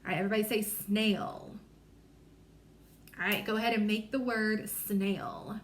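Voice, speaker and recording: A woman reading teacher leading a small-group phonics lesson, sounding out letters slowly and carefully, encouraging and apologetic. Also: medium pitch, fairly even intonation, echoey room, slight background noise.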